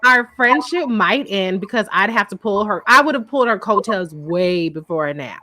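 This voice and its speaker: A woman's voice: medium pitch, expressive, moderate pace, pushed and bright, no room sound. A woman hosting a live show recap, talking in a blunt, profane, casual way and laughing often. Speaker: host.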